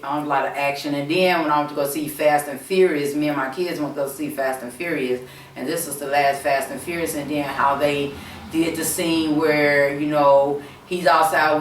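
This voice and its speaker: A woman's voice: sits low, recorded from a distance. A woman host chatting casually to her viewers, rambling and repeating herself with plenty of fillers. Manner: rambling, repetitive, many fillers, addresses viewers directly. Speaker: channel host. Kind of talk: casual storytelling chat. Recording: roomy echo, speaking away from the mic.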